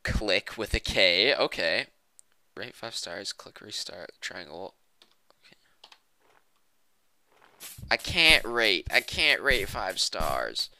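A man playing a game on camera, goofy and loud, with a bright, tense voice that leaps all over the place. He drags his words out slowly, then bursts into squeals and shouts. A faint hiss sits under the recording. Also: fairly low pitch, very animated, dry recording. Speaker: gaming let's-player. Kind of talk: loud comedic gameplay commentary.

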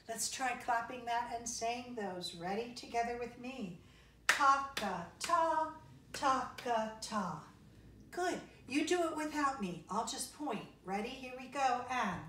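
A woman with a fairly high voice cheerfully leads a kindergarten music lesson, singing and clapping rhythms with the children and spelling along. She is slow, sing-song and encouraging, heard from a distance in an echoey room with a little hiss or hum.

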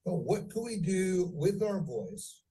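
A man teaching phone sales, speaking deliberately and varying pitch and pace for effect. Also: big pitch swings, mellow, distant mic, low-quality recording. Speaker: sales trainer. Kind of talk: training lecture.

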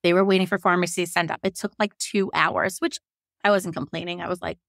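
Woman, 30s, from Virginia, podcast guest; frank, animated storyteller who quotes herself; dry close recording. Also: fairly low pitch, quick pace, gravelly, no echo. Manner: animated, quotes herself and others, laughs often; frank, swears casually. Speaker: podcast guest telling her birth story. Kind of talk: casual storytelling.

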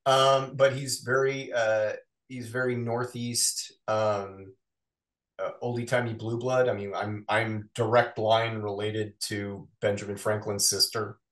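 A man, a voice actor being interviewed, chatting in a quick, animated, self-mocking way. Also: fairly low pitch. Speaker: voice actor guest. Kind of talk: casual interview chat. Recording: roomy echo.

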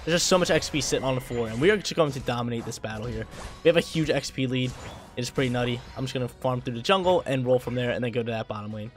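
A man's voice: mid-range voice, very fast, soft background music. A man giving live gameplay commentary, hyped and trash-talking, often repeating his phrases.

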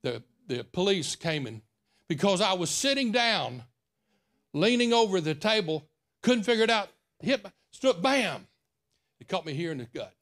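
Man, sermon, folksy, quiet and personal, slightly high-pitched. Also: very animated, moderate pace. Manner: folksy storytelling, quiet and intimate. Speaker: preacher. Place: church.

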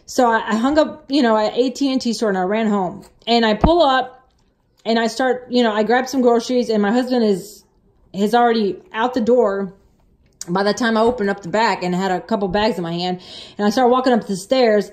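A woman's voice: on the high side, brisk, darkish tone. A woman vlogger sharing a personal testimony in a casual, rambling way, full of restarts, and earnest and emotional as she retells it.

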